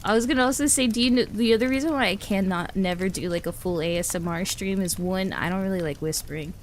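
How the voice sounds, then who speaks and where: A woman's voice: mid-range voice, fast. A woman streams from home and chats casually with her viewers, rambling and breaking into giggles. Her sentences often start over. A faint hiss sits under her voice. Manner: chatty, giggly, rambling with restarts. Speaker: livestreamer. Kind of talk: casual chat with live chat.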